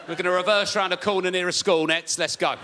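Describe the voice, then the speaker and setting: A man doing a stand-up comedy routine, telling an animated story full of swearing and acted-out shouting. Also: high-pitched, fast, heavy background noise. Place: comedy venue stage.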